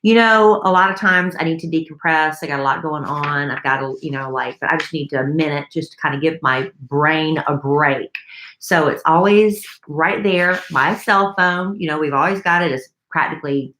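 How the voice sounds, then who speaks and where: A woman's voice: sits low, normal speed, fairly bright tone, reverberant, slight background noise. A woman co-hosting a podcast, reading listener mail in a chatty, enthusiastic way. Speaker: podcast co-host.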